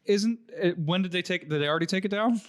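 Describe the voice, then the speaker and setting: A man's voice: high voice, fast. A young man co-hosting a gaming podcast, chatting casually and laughing often between jokes. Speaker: podcast co-host.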